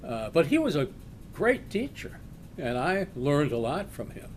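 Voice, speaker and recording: Older man, oral history storyteller, lively swooping pitch, acts out quoted shouts. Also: slight background noise. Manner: slow, animated storyteller acting out quoted shouts. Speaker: retired law professor telling a life story.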